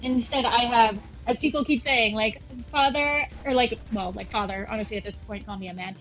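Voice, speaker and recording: A woman's voice: on the high side, fairly even intonation, a little fast, fairly bright tone, faint music behind, low-quality recording. Chatty young woman rambling over gameplay. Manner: rambling, chatty, self-deprecating. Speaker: gaming channel host. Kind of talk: casual gameplay commentary. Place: at home with her cats.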